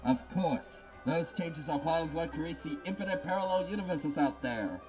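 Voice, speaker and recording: A man's voice: a little high, moderate pace, music in the background, lightly acted, low-quality recording. A man voicing an arrogant, brainy young female scientist who lectures and talks down to others, reading a game script aloud. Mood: condescending. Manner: condescending, lecturing.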